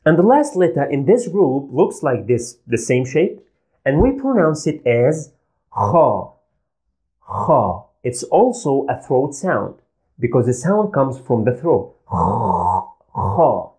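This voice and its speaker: A man's voice: on the high side, very animated, unhurried, mellow. A man teaching letters and their sounds, patiently repeating each sound for learners. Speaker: Arabic language teacher. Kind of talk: slow, deliberate pronunciation lesson.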